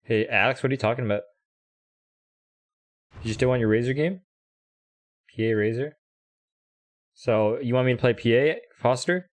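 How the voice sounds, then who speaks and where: A man's voice: mid-range voice, normal speed, long pauses. Male game streamer, casual, teasing, salty language, mid-range voice. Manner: teasing, swears freely, quizzes his friends. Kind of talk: casual gaming chat.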